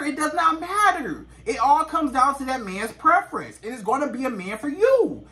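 Brief: male relationship vlogger, bright and high, emphatic and repetitive. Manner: emphatic, repeats points. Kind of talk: casual advice monologue to camera.

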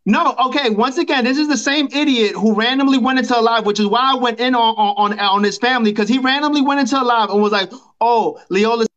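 A man's voice: very high voice, fast talker, few pauses, fairly bright tone. A man defending himself on a casual livestream, hesitant and defensive. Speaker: livestream guest. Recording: lo-fi livestream audio.

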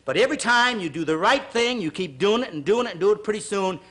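A man's voice: high voice, animated, quick pace, fairly bright tone. A man hosting a televised exercise class, counting reps, urging viewers on, and breaking into earnest, preachy pep talks. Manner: earnest, preachy heart-to-heart asides. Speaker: fitness show host.

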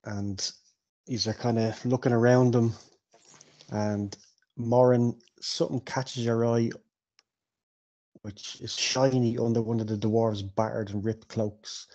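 A man's voice: medium pitch, level tone, slow pace, long pauses, dark tone, lo-fi sound. A man narrating as game master of a tabletop game, laughing often.

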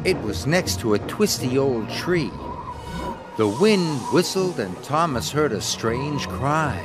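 A man narrating a children's story in an expressive, measured storytelling manner. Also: medium pitch. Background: background music.

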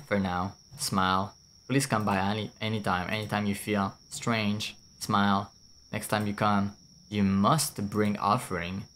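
A sly, greedy village monk with a low, hushed voice, as a man reads him aloud during a game stream. He speaks slowly and softly, with a quiet menace. Faint insect and cricket noise hums behind him. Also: flat delivery. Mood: ominous.

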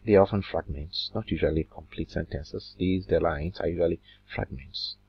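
A man teaching a literature lesson, slow and deliberate, drawing out words as he counts syllables, with a husky voice. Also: low-pitched, no echo. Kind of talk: recorded classroom lesson. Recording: dull lo-fi recording.

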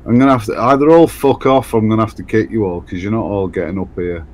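A British man casually chatting with callers on his live stream in a relaxed, slangy way. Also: fairly low pitch, quick pace.

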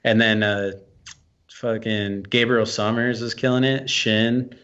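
Lower-voiced man in enthusiastic podcast chat. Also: little pitch movement, slow pace, fairly bright tone, clear, resonant tone, dull audio. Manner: enthusiastic, laughs easily, slangy. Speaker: podcast co-host. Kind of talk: casual chat.

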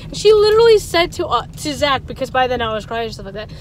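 A woman's voice: high voice, sing-song, quick pace. A woman in her twenties telling a story in a casual, rambling vlog, chatty with frequent small laughs. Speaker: vlogger. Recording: noisy outdoor traffic background.

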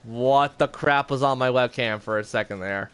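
A man's voice: medium pitch, moderate pace, fairly bright tone, clean tone. A man chatting casually in a rambling way while streaming gameplay. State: has the hiccups. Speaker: gaming streamer.

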